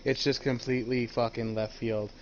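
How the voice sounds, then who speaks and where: A man's voice: medium pitch, little pitch movement, normal speed. A man co-hosting a podcast, talking in a laid-back way and swearing casually. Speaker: podcast co-host. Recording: dull lo-fi mic with faint hiss.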